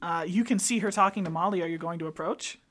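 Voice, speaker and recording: Bright-voiced woman game master. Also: fairly low pitch, fast talker, a little hiss or hum. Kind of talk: narrating a tabletop game.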